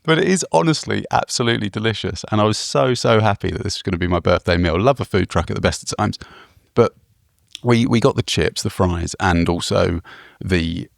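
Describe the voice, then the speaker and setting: A man co-hosting a travel podcast, chatting casually as a lively storyteller who swears freely and keeps saying mate. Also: lowish voice, fairly quick, vocal fry, no room sound, studio quality. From Britain. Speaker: podcast co-host. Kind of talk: casual chat.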